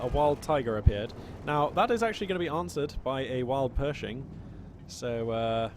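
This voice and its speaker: Male game caster, casual and playful, average pitch, gunfire and engines loud in the mix. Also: background noise. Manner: chatty, playful, quick excited reactions. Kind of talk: live play-by-play game commentary.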